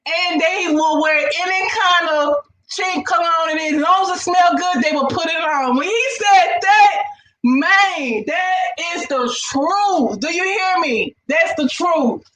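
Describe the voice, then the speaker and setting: A woman's voice: very high-pitched, slow, a bit bright. A woman hosting a casual reaction chat, laughing often and repeating herself while talking to viewers. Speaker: host. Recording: echoey room with faint noise.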